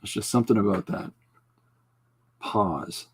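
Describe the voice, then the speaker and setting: A man hosting a podcast, chatting casually while he draws, rambling and breaking off into quick asides. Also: fairly low pitch, breathy edge. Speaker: podcast host. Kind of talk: casual chat while drawing.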